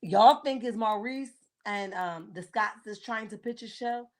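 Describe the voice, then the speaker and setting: A woman's voice: mid-range voice, unhurried. A woman in her forties hosting a casual livestream. She talks bluntly and sassily, greets viewers by name and keeps checking in with "okay?". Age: 40s. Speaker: livestream host. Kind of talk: casual live-chat commentary on reality TV.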